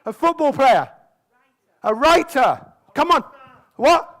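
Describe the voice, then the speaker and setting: A man giving a motivational talk on a conference stage, lively and constantly asking the audience questions. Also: very high voice, slow. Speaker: motivational speaker.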